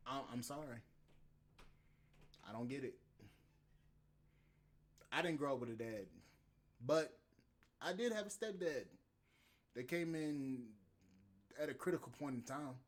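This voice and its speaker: A man's voice: medium pitch, lively intonation, a little slow, long pauses. A man hosting a podcast, ranting in a heated, profane, rambling monologue. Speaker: podcast host. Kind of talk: casual podcast rant.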